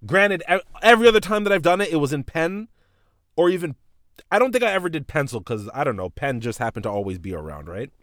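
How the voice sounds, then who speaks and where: Animated, profane storytelling man. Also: a little high, fast talker, dry recording, clean studio sound. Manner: animated, profane, voices his teacher and mom in retelling. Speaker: podcast host. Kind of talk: casual storytelling.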